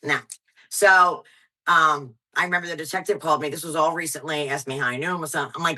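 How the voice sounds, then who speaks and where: A woman in her thirties talks in a blunt, profane, high-energy way, dropping swears through every story. Her voice is low for a woman, with a bright and sharp edge. This is a casual podcast chat. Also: fairly even intonation, fast talker, low-quality recording. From Pennsylvania, US. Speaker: stand-up comedian guest.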